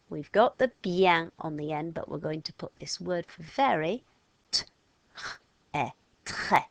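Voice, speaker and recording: A woman teaching a children's French phonics lesson step by step, patient and slow, modelling each sound aloud and stretching the words out. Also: fairly low pitch, lively intonation, vocal fry.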